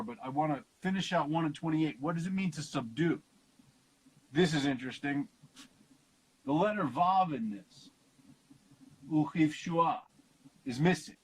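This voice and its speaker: A man hosting a casual Bible study over a video call, slowly sounding out Hebrew words and explaining them with the odd curse. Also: on the high side, poor audio. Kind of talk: casual teaching livestream.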